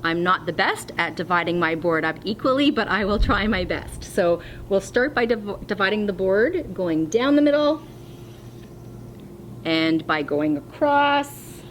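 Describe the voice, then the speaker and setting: A woman teaching a phonics lesson to young children, speaking slowly and clearly with encouragement. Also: medium pitch, expressive, slight background noise. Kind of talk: distance-learning phonics lesson.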